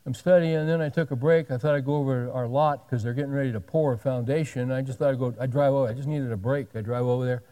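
A man's voice: mid-range voice, steady tone, dark tone. A man preaching a sermon, telling a story in a conversational way and acting out the back-and-forth of what people said. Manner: conversational, retells dialogue in quick back-and-forth. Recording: long hall reverb.

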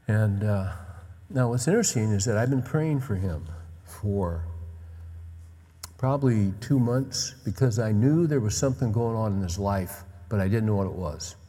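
An older man delivers a sermon in a storytelling way, pausing often on fillers. His voice is low and dark. A long reverb from a large hall trails each phrase. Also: expressive, slightly rough. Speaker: pastor.

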